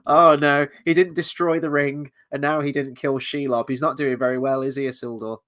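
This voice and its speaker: A man's voice: on the high side, flat delivery, a little fast, a bit bright. Male host, casual review chat, blunt, reads viewer comments.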